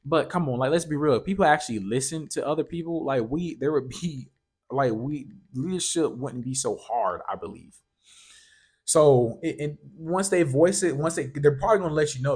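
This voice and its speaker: A man with a slightly husky voice hosts a motivational podcast. He speaks straight to the listener in a loose, earnest, coaching tone, doubling back on his words and leaning on "like" and "right?" as he goes. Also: mid-range voice. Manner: casual, repeats himself, fills with "like" and "right?". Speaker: podcast host.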